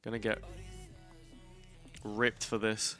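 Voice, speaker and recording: A man hosting a watch-party stream, muttering slow, offhand asides. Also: fairly low pitch, completely flat delivery, pushed and bright. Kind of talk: casual watch-party chat. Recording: broadcast music faint behind.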